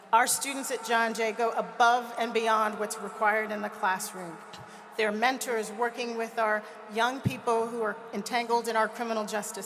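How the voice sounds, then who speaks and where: Woman, higher voice, emotional commencement speaker, stadium reverb under clear crowd noise. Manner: rousing, calls for cheers, emotional. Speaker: college president giving a commencement speech. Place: large stadium with a cheering crowd.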